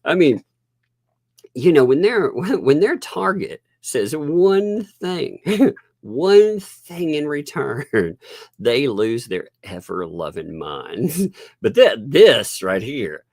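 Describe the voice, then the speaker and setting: A man's voice: fairly high pitch, sing-song, slow, a little mellow, no room sound, studio quality. A man hosting a live-stream commentary, sarcastic and laughing often as he chats while working on his screen. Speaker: host.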